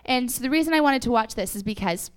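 A woman's voice: on the high side, lively intonation, quick pace, smooth. Chatty woman leading a youth group. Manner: chatty, lots of "like" and "right?". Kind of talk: casual faith talk.

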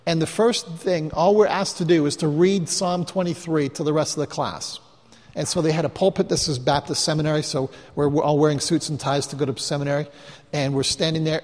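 A man preaching as a pastor, telling chatty, self-mocking stories to his congregation with quick asides. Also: on the high side, a little mellow. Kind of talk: storytelling sermon to a live congregation. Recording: live hall recording with long reverb.

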